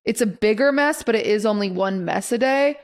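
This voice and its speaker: A young woman co-hosting a podcast in casual chat, telling stories in an animated way and acting out other people's reactions. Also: mid-range voice, a little fast. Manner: animated storyteller who acts out quoted reactions. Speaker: podcast co-host.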